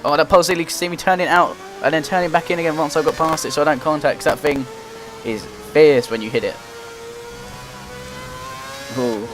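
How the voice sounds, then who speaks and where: A young man giving running play-by-play commentary while playing a racing game, getting excited and frustrated as he drives. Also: high-pitched, quick pace. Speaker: gaming commentator. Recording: loud game music behind the voice. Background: game music and engine noise.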